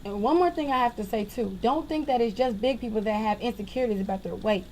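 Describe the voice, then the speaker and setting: Young-sounding woman with a raised pitch, venting at home into a webcam. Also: fast talker, a little hiss or hum, low-quality recording. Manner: animated, exasperated ranting. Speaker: vlogger. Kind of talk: casual venting monologue.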